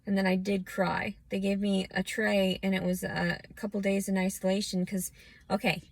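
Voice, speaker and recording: A woman's voice: medium pitch, level tone, moderate pace, creaky, poor audio. A woman in her thirties giving a scattered, emotional personal rant, often restarting and fighting back tears. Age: 30s. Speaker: vlogger. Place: outdoors.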